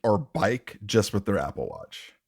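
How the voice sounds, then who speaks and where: A man's voice: fairly low pitch, expressive, unhurried, breathy edge. A man co-hosting a podcast, rambling in casual chat, restarting sentences and laughing often. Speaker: podcast co-host.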